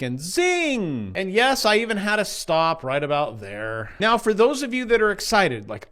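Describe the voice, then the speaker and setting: Middle-aged male vlogger, lively pitch, sarcastic rants, trading chart walkthrough. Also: unhurried. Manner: sarcastic, jumpy, mocking voices of doubters. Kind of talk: casual rant and chart walkthrough.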